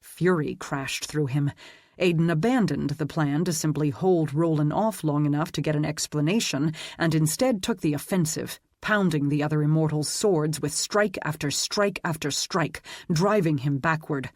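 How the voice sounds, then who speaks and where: An audiobook narrator reading a dark fantasy story in a steady, even storytelling manner. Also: medium pitch, normal speed, no room sound, clean studio sound. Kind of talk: scripted narration.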